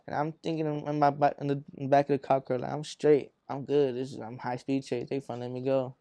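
A man's voice: mid-range voice, flat delivery, fast talker, dark tone, no echo. A man from Arizona, a rapper being interviewed, telling long stories in profane street slang with lots of fillers and acting out the voices of people in them. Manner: acts out voices in his stories. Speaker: rapper guest. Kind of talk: casual storytelling interview.

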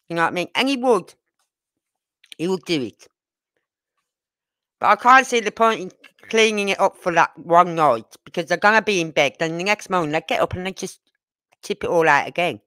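A woman's voice: lowish voice, expressive, moderate pace, pauses often, sharp tone, no echo. A middle-aged woman, a grandmother and neighbour, chatting in a rambling way and often checking that the listener follows. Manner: chatty, rambling, keeps asking "you know what I mean". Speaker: neighbour interviewed. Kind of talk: casual storytelling chat.

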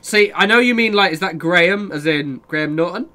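A man's voice: sits high, brisk, pushed and bright. A young man live-streaming a game, chatting casually with viewers, reading their messages and swearing freely. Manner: chatty, sweary, reads and answers chat.

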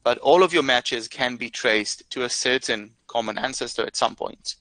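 A man fields questions during an online session and explains features patiently, often pausing with filler sounds as he searches for the right phrasing. His voice is bright and forward, and the recording is dry and close. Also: mid-range voice, dry recording, rough recording. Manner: careful, explanatory, many "uh" fillers. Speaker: product expert answering questions. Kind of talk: live Q&A explanation.

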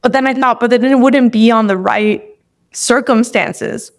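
A woman's voice: fairly high pitch, fairly even intonation, normal speed. A young woman telling a personal story as a podcast guest, candid and emotional, with many "like"s. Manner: emotional, tearful at moments, lots of "like".

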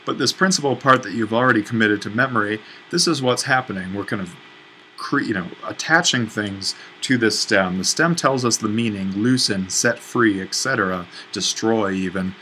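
A man's voice: lowish voice, moderate pace, bright, forceful tone, slight background noise, poor audio. A man teaching a language lesson at a whiteboard, explaining patiently and correcting himself as he writes. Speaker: Greek instructor.

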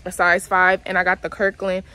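A woman's voice: fairly low pitch, completely flat delivery, moderate pace, bright, forceful tone. A young woman chatting casually to her viewers in a vlog, often out of breath. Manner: chatty, addresses viewers directly. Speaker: vlogger. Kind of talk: casual vlog chat to camera.

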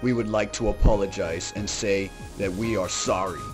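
A host putting on a deep, grave announcer. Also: fairly even intonation, moderate pace, soft background music, natural voice. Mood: solemn. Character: solemn male announcer making a formal apology.

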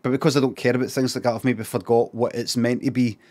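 A man's voice: mid-range voice, steady tone, fast talker, darkish tone. Sweary Glaswegian man ranting. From Scotland. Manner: rambling, sweary, restarts a lot. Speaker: streamer. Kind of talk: casual reaction commentary.

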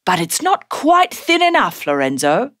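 A woman's voice: on the high side, huge pitch swings, unhurried, a bit bright, dry recording, studio quality, voice pushed up, exaggerated voice. A woman voicing a cheerful, encouraging dad who is teaching his young son. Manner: encouraging, praising.

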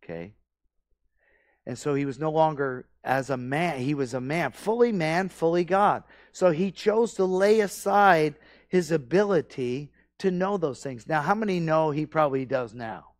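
A man's voice: fairly high pitch, unhurried, no echo. A middle-aged male pastor preaching a conversational sermon that builds into emphatic, repeated exhortations. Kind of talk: expository sermon. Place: church sanctuary.

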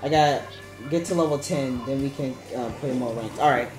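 A male game streamer giving casual live-stream commentary, rambling and playful, now and then chanting a word in sudden high squeals. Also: fairly quick, darkish tone. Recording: echoey room with faint game music.

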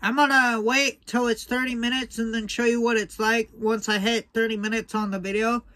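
A young man talks to his viewers in a casual vlog, his voice high and bright. He speaks slowly, letting out breathy sighs while his mouth burns from spicy food. The sound is dry and close. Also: little pitch movement, no echo. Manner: slow, breathy sighs between short remarks, repeats "guys". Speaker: food vlogger. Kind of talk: casual vlog talk to camera.

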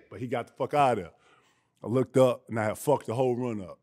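A man's voice: medium pitch, fast, a little mellow. A man telling stories from his playing days in a loose, profane way, acting out the voices of other people. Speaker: guest storyteller. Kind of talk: casual storytelling.

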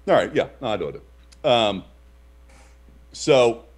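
Man, podcast co-host, animated storyteller, pitch swings a lot, gets loud when he quotes people. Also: slow pace. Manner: animated, shouts in reenacted quotes. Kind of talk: casual storytelling chat.

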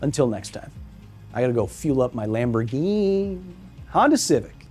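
A man in his thirties, hoarse, hosting a scripted science explainer in a theatrical, wry manner that speaks straight to the viewer. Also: mid-range voice, sing-song, moderate pace, darkish tone, soft background music. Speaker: science video host.

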